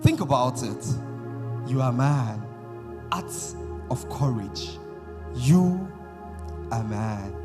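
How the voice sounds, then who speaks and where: A man with a Nigerian accent performing dramatic, rhythmic spoken word poetry at a conference, with long pauses between phrases. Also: mid-range voice, animated. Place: large conference hall. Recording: hall reverb with music bed.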